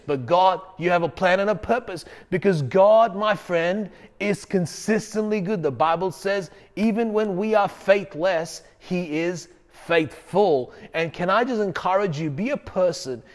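A male pastor preaching a sermon in an emphatic, conversational way, repeating key phrases. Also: high-pitched.

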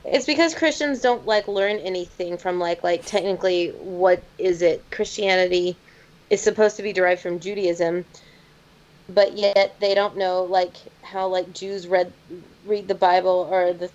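A woman's voice: on the low side, steady tone, measured pace, darkish tone. Blunt woman in casual chat, lo-fi. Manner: blunt, swears, many fillers. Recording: dull lo-fi sound.

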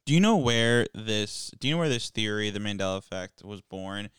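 Smooth-voiced young man telling stories. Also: fairly low pitch, animated, a bit bright, dry recording. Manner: storytelling, acting out bits with quick voices. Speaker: podcast co-host. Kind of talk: casual chat.

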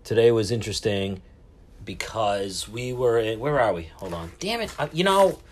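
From his cabin aboard a cruise ship, a man hosts a casual solo podcast in a fairly low voice with lively intonation and a moderate pace. He rambles, swears, and pokes fun at himself.

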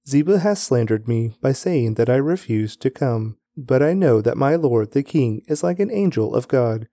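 A humble lame nobleman pleads with his king, read by a man in his own voice. The voice is mellow and warm. It is heard close in a dry room. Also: medium pitch, dry recording, natural voice.

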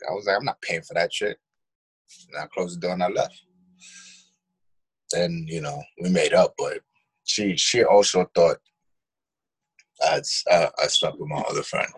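A deep, husky-voiced man with a New York accent, talking casually on a podcast. He tells personal stories bluntly and swears freely, in a loose, conversational flow. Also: moderate pace, pauses often. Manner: blunt, profane storytelling. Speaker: podcast co-host. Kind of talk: casual chat.

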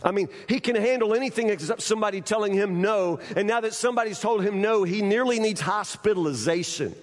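A man's voice: high-pitched, brisk. A man preaching a sermon, folksy and conversational, repeating his words as he talks to the congregation. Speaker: pastor. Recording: echoey hall.

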